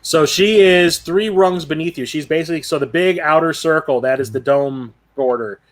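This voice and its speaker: A man's voice: on the high side, normal speed. Rambling male game master. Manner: loose, rambling descriptions. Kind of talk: narrating a tabletop game.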